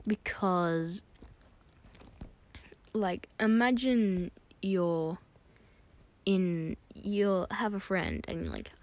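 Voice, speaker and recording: A woman's voice: fairly low pitch, big pitch swings, extremely slow, long pauses. A woman hosting her own episode, chatting casually and rambling with lots of "like". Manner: rambling, heavy use of "like". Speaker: solo episode host. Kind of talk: casual opinion chat.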